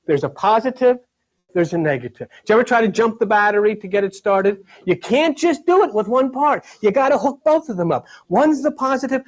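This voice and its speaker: A man delivering a sermon, emphatic, swinging from loud to hushed and asking his listeners "see?". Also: extremely high pitch. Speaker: spiritual teacher.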